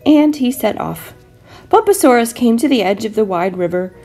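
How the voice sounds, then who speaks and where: Animated woman reading a picture book. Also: medium pitch, moderate pace, creaky, faint music behind. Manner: expressive, animated storytelling. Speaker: teacher.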